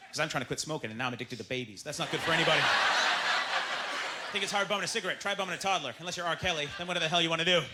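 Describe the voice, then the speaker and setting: A man from Canada doing a stand-up comedy set on a club stage, animated and slipping into silly voices. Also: a little high, rapid-fire. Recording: loud club crowd noise behind.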